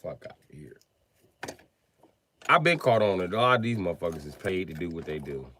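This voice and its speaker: A man's voice: low voice, animated, fairly quick, sharp tone, slight background noise. A man ranting on a livestream to his viewers, confrontational and swearing heavily. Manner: profane, confrontational, heavy swearing.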